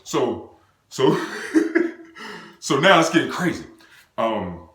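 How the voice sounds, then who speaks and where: An excitable young man from the United States tells a wild personal story, his voice leaping up and down as he acts out every scene. He talks loose and slangy with bursts of sound effects, and the room around him rings with a noticeable echo. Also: medium pitch, extremely slow. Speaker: vlogger telling a personal story. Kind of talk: animated storytime monologue. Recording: roomy echo.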